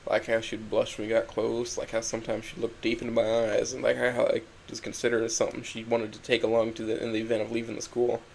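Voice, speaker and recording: A young man reading a first-person story aloud in a quiet, introspective, halting way. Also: medium pitch, monotone, creaky, slight background noise, low-quality recording. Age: young adult. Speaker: narrator.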